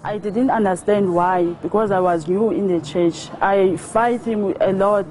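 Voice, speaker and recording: A woman's voice: mid-range voice, steady tone, unhurried, hardly any pauses, darkish tone, soft background music, rough recording. A woman giving an earnest personal testimony as a wife, with stumbles and repeats.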